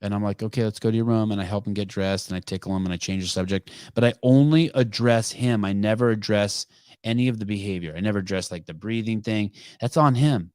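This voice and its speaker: A man's voice: fairly low pitch, quick pace, a little mellow, clear, resonant tone, dry recording, studio quality. A middle-aged man hosting a podcast, telling a rambling family story with asides and self-corrections. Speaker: podcast host. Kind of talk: casual live call-in chat.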